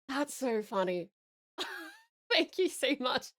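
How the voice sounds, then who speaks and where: An Australian woman from Tasmania with a high, bright voice chats with her viewers on a live stream. She is bubbly and excitable, breaking into giggles as she talks. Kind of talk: casual live-stream chat.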